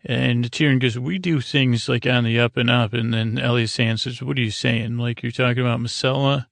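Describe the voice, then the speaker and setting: A man rambling through a casual episode recap, halting often with "uh" and restarts as he loosely quotes characters. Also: mid-range voice, fairly even intonation, gravelly, no room sound. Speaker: podcast host recapping a TV episode.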